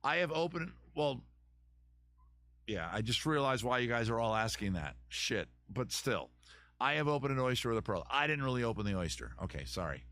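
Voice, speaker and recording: A man's voice: mid-range voice, sing-song, normal speed, bright, forceful tone, no room sound. A middle-aged man hosting a casual live stream, answering viewer comments in a rambling way, often restarting sentences and swearing casually.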